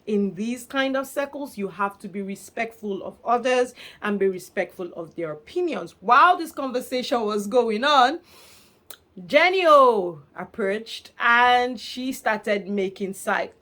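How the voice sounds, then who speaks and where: A woman giving a casual, gossipy recap of reality show drama in an animated, expressive way, laughing often. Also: on the high side, unhurried.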